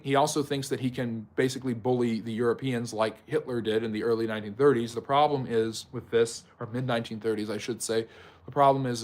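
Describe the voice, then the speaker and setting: Male live-stream history host, mid-pitched voice, conversational, answers chat by name, rambling explanations full of ums and self-corrections. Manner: talks directly to chat viewers by name.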